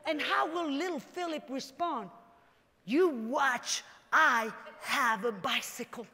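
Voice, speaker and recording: A woman preaches an animated sermon in a very high voice and often rises to shouting. Her voice rings out with a long reverb in a church hall. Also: slow pace.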